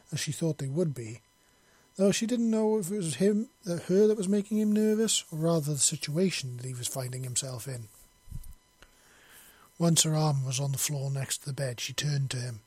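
Husky guy reading a story aloud, steady and measured, dry sound. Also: medium pitch, no room sound. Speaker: narrator. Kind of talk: audiobook story narration.

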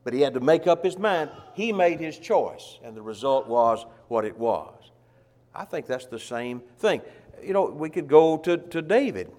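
Folksy preacher in a reverberant church. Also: male voice, fairly high pitch, animated, normal speed, darkish tone. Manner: folksy storytelling, acts out quoted voices. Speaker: pastor. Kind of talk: sermon.

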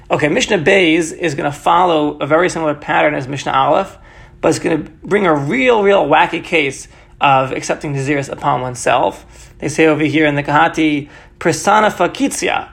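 A man's voice: fairly high pitch, creaky. A man teaching a Mishnah passage, reading Hebrew phrases aloud and explaining each one in English, often checking in with "right?". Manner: reads Hebrew phrases then paraphrases in English, asks "right?". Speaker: Talmud teacher.

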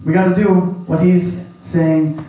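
A man with a fairly high voice gives a relaxed, folksy sermon, often chuckling and slipping into the voices of the people in his story. He sounds a bit far from the mic, and his voice rings around a very echoey room. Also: measured pace, slight background noise. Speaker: preacher. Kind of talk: conversational sermon.

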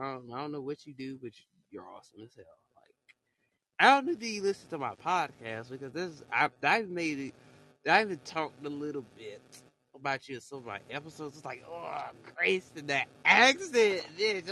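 Rambling young man with a lively bright voice. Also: mid-range voice, breathy edge, low-quality recording. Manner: rambling, slangy, repeats himself. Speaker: podcast host on live audio stage. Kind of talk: casual live chat.

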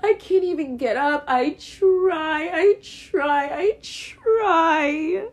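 A young woman speaks on her own podcast in a high, light voice. She vents openly and profanely, repeating herself as she pours out her frustration. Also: drawn-out words. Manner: raw, profane, repetitive venting. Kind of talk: emotional podcast monologue.

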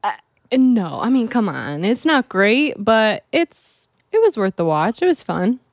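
A woman's voice: fairly high pitch, very animated, unhurried, dry recording. A woman co-hosting a podcast, telling about a movie in casual chat with easy laughter. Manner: laughs easily, casual and chatty. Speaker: podcast co-host.

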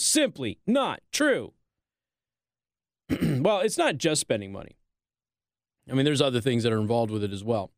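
A man hosting a talk show, delivering a sarcastic, animated political commentary monologue. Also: a little high, no echo, clean studio sound.

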